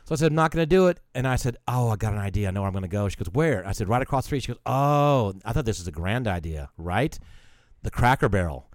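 A fast-talking podcast co-host with a lowish, expressive voice rambles through a long story in casual chat, acting out the other people in it and swearing at times. The studio-quality recording has no room sound.

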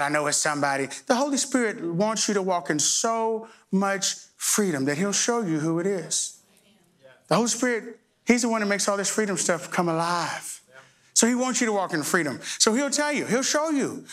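Male preacher, high voice, bright tone, animated storytelling sermon. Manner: animated storytelling, voicing himself and others.

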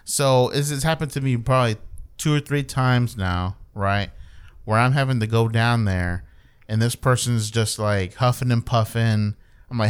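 A young man in casual chat tells a story with heavy swearing and acted-out quotes. His voice is smooth and clear, with an ordinary middle pitch. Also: normal speed. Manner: animated, swears a lot, acts out quotes.

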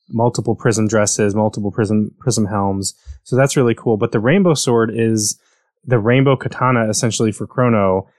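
A man's voice: medium pitch, dry recording, clean studio sound. An American man chatting casually about video games, rambling and correcting himself as he goes. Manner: rambling, self-correcting, enthusiastic.

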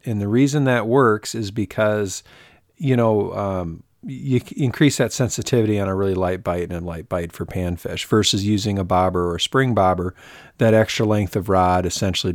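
A man's voice: on the low side, fairly even intonation, moderate pace, no room sound, studio quality. A man co-hosting a fishing podcast in casual chat, rambling and self-mocking, often restarting his sentences. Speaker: podcast co-host.

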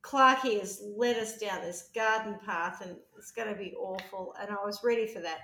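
A woman's voice: mid-range voice, normal speed, bright, forceful tone, a little hiss or hum. A woman chatting casually in an apartment, rambling through her thoughts and swearing freely. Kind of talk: casual chat. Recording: roomy echo.

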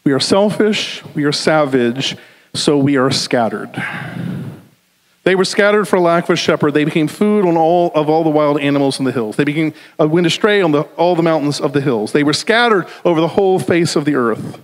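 A man with a Southern US accent preaching a conversational sermon with jokey asides, slowing down for emphasis. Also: a little high. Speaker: pastor. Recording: long hall reverb.

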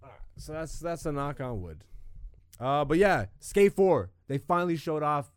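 A man hosting a casual home chat, rambling, profane and quick to laugh. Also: on the high side, expressive, smooth, no room sound, clean studio sound. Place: home gaming room.

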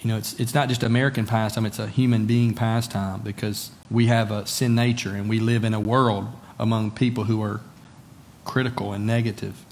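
A man's voice: lowish voice, little pitch movement, a little fast, darkish tone, slight background noise. A man preaching a sermon in a conversational way, often asking his listeners rhetorical questions and repeating words for emphasis. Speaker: pastor.

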